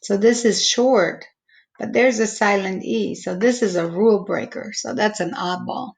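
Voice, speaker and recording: Slow, patient woman teacher, gravelly voice. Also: medium pitch, poor audio. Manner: slow, patient, stretching out each word sound. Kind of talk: phonics lesson for young students.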